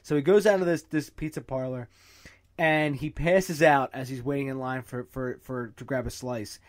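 A man's voice: medium pitch, steady tone, moderate pace, no room sound. A man hosting a podcast, chatting casually, stammering and laughing as he tells stories. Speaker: podcast host. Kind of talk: casual interview chat.

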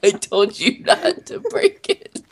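A man's voice: sits high, very animated, slow pace, very noisy. A man playing along as a co-player in casual gaming chat, laid-back and teasing.

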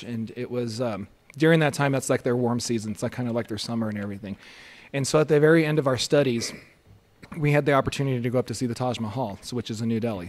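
A man telling a story as a podcast guest in a casual, excitable way. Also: medium pitch.

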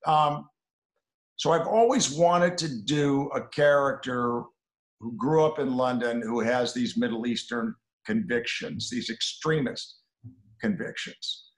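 A middle-aged man, a film director, telling anecdotes in an interview and dropping to a low murmur on asides. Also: a little slow. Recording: roomy echo.

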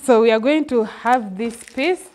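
A woman's voice: fairly high pitch, unhurried, a little mellow, slight background noise. Tearful, laughing Ugandan woman vlogger. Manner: emotional, laughing, switching between English and Luganda. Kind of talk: casual vlog. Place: village school outdoors. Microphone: handheld phone.

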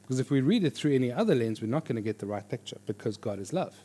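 Animated man teaching a church class. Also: medium pitch, very fast, slightly rough. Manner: animated, jokey, with lively quoted voices. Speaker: pastor teaching a Bible course. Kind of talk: conversational teaching talk. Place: church hall before an audience.

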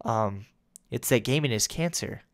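A young male YouTuber riffing in crude, sarcastic commentary at a middle pitch. He swears freely and bursts into loud mock voices. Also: animated, a little slow. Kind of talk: comedic commentary.

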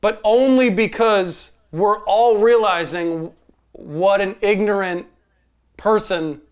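High-voiced, smooth male podcast co-host. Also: slow pace. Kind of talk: casual movie review chat.

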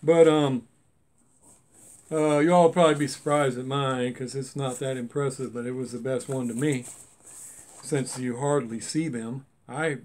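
A man's voice: mid-range voice, darkish tone. A man, chatting casually and rambling in a folksy way while unboxing toy cars for his channel. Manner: chatty, folksy and rambling, with Southern-style grammar. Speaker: die-cast car hobby vlogger.

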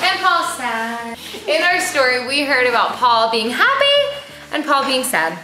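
A young woman leading a preschool church Bible lesson, sing-song and animated, asking the kids questions. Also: high voice, moderate pace, noisy background. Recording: roomy echo with faint music.

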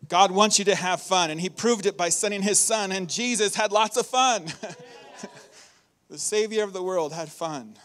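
A high-pitched male pastor delivers a lively church sermon, upbeat and animated. He laughs often between his points and leans into the congregation. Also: normal speed. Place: church hall.

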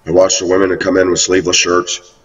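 Low husky guy rambling on, sounds far off the mic. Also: monotone, fast, background noise. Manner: rambling, quotes others in raised voice. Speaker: video blogger. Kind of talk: rambling monologue. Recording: muffled, distant lo-fi recording.

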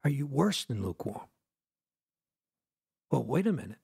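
A man preaching a fervent sermon, firing rhetorical questions at his listeners and swinging between loud declarations and hushed lines. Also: medium pitch, very animated, normal speed, creaky, breathy edge. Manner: asks the audience rhetorical questions.

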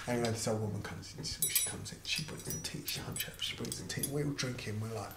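An animated man, an interviewed musician and artist manager, tells a casual story in a mid-range voice with vocal fry. He talks fast with few pauses and acts out the voices he quotes. A roomy echo and faint background noise come through.

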